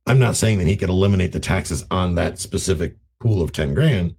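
A man teaching real estate investing in a casual, animated way, acting out conversations in raised voices. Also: sits low, brisk, vocal fry, hardly any pauses, husky. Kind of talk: casual teaching talk to camera.

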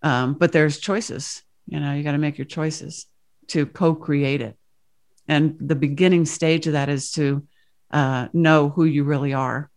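A woman's voice: low-pitched, fairly even intonation, unhurried, a little mellow. Earnest woman talking spirituality. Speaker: guest speaker. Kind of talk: spiritual casual talk.

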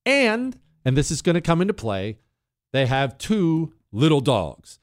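A male talk show host spinning a long story for his listeners. His voice sits a little high and swings widely up and down. He talks emphatically and addresses the audience directly. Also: huge pitch swings, measured pace.

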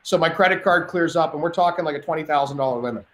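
A man spins a loud anecdote with a lot of swearing and tangents. His voice sits a bit high. The sound is roomy and echoey, as if recorded in a cottage. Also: rapid-fire. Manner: lively, profane, rambling anecdotes. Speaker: podcast guest. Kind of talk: animated storytelling.

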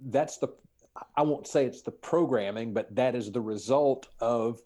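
A man with a warm, dark voice talks as a podcast guest. He speaks in a measured way, pausing on fillers as he picks each word with care. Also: mid-range voice. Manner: measured, hesitant, many fillers, word-searching. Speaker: podcast guest, spiritual teacher. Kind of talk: casual conversation.

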